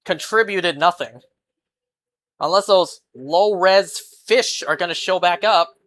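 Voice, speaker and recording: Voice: medium pitch, slow pace, fairly bright tone. A streamer chatting casually during a live game, rambling and reacting with disbelief to what chat says.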